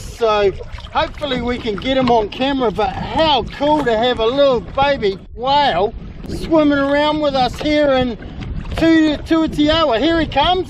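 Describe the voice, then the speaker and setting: A middle-aged man with a New Zealand accent, narrating an excited outdoor vlog from a kayak at sea and often calling out loudly. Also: very high-pitched. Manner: excitable, exclaiming, calls out loudly. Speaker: kayak fishing host. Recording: wind and water noise.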